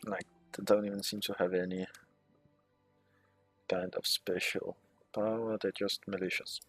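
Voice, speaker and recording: Brief: a low, husky male let's player who reads game text aloud and swears under his breath, with faint music behind. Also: little pitch movement, measured pace, fairly bright tone, dry recording. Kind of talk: casual gameplay commentary.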